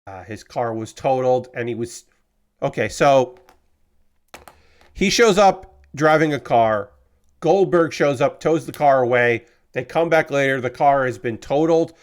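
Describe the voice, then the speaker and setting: A man hosting a livestream in casual talk, halting often with filler words. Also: medium pitch, animated. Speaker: livestream host.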